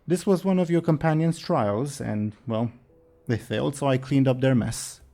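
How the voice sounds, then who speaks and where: A man's voice: mid-range voice, normal speed, mellow, pitched above the performer's own voice, lightly acted. A man voicing a cheerful, handsome young noble rider on a quest, talking in a breezy, polite way. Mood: offhand. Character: cheerful young male monster-hunting noble.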